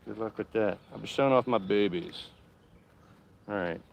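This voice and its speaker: A man chatting casually on a live stream from his home garden, excitable and talkative. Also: on the low side, moderate pace, creaky, highs cut off, a little hiss or hum. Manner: excitable, chatty, cheering bees on.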